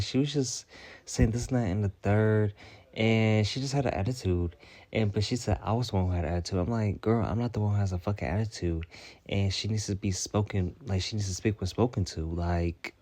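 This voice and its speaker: In a casual storytime vlog, a man with a warm, fairly low voice rants about what happened. He's exasperated and profane, firing off one rhetorical question after another.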